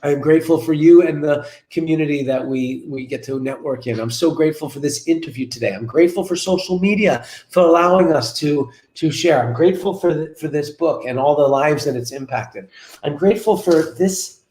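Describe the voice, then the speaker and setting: A lively man in his forties tells an anecdote as a guest on a web show, sitting in his office. He repeats key phrases for emphasis, and his voice sits a touch high. The video-call audio picks up a roomy echo off the office walls. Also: brisk. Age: 40s. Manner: energetic, repetitive, storytelling. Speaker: guest business coach.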